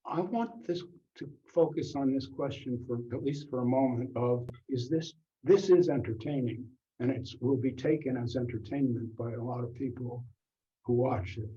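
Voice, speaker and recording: A man's voice: medium pitch, moderate pace, dark tone. An older man in frank, unguarded casual conversation, speaking plainly and sometimes swearing for emphasis. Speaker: guest. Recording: dull lo-fi sound.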